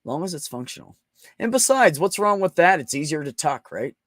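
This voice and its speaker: A young man chatting casually on his livestream, crude and joking with a ready laugh. His voice runs a little high for a man and moves around a lot. The sound is close and dry. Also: big pitch swings, fairly quick, fairly bright tone, no echo. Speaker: livestream host. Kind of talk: casual live chat.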